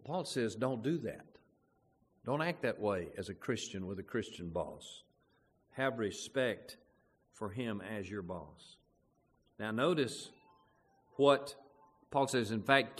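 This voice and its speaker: A man's voice: fairly low pitch, lively intonation, unhurried. A man preaching a sermon as pastor, talking conversationally and putting questions to the congregation. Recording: long hall reverb.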